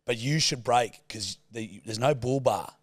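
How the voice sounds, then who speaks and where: A man's voice: medium pitch, unhurried, no room sound. An Australian man co-hosting a podcast, chatting casually, blunt and jokey, swearing freely. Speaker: podcast co-host. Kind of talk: casual chat.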